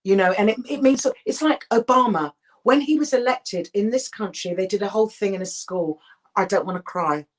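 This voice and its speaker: A middle-aged actress speaks candidly in an interview, emphatic and animated, often restarting her sentences. Her voice is medium-pitched and her speed normal.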